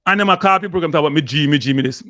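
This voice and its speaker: Jamaican host, heated patois rant, rapid-fire, dry close sound, fairly high voice. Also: male voice, pushed and bright, no echo. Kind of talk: heated live commentary.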